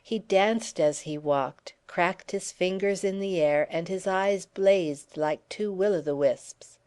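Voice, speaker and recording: A woman reading a classic novel aloud in steady first-person narration for an audiobook. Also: fairly low pitch, slow. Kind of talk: scripted narration.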